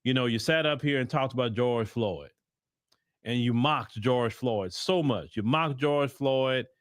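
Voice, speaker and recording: A man's voice: mid-range voice, measured pace, no echo, studio quality. A man hosting a livestream commentary, talking in a heated, rambling way full of repeated restarts. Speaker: host and commentator.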